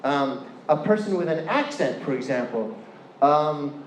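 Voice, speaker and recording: A man's voice: fairly high pitch, animated, measured pace, a little hiss or hum. Chatty man with a Californian accent. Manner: chatty, playful, asks the audience questions. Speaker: guest lecturer. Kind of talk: university lecture to an audience. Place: lecture hall. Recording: echoey hall with faint room ambience.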